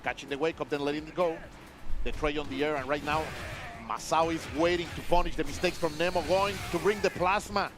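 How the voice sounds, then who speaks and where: A man commentating a fighting-game match, from Mexico, giving excited play-by-play and relaxed banter. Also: on the high side, a little fast, over music. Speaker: esports commentator.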